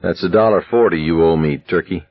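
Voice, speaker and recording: A man voicing a calm, sly young man with a dry, sardonic wit in a slightly muffled recording. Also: low-pitched, a little fast, dry recording. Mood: teasing.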